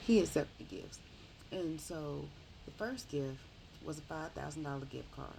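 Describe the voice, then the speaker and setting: Low, gravelly woman reviewing a book. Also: moderate pace, background noise. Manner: rambling, animated retelling with self-corrections.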